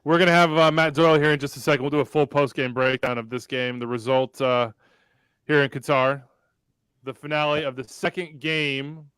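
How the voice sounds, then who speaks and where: A man's voice: mid-range voice, fairly even intonation, fairly quick, fairly bright tone, clean tone, dry recording. A man hosting a live watch-along show, calling the play and reading out the chat. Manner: calls the play and reads out the chat. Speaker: host.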